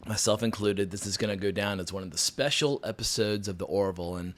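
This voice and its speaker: A man's voice: on the low side, brisk, fairly bright tone. A man talking casually and enthusiastically as he reviews a TV episode, his voice scratchy from getting over a cold, often rambling and restarting. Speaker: TV review vlogger.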